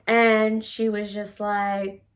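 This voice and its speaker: A woman's voice: mid-range voice, little pitch movement, extremely slow. A woman vlogger telling a personal story in a brash, sassy way, full of swearing. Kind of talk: casual storytime.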